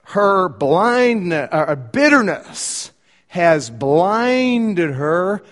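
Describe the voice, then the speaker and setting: A man's voice: high-pitched, very animated, drawn-out words. Earnest male pastor preaching in a reverberant hall. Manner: conversational, earnest, varies loudness for emphasis. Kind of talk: sermon.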